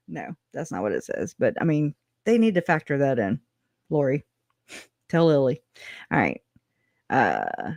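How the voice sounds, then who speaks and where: A woman's voice: sits low, big pitch swings, slow pace, long pauses, darkish tone, dry recording. Chatty, sarcastic woman livestream host. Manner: chatty and sarcastic, with frequent laughs; informal slang, says y'all. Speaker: true-crime livestream host. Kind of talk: casual commentary reading case notes.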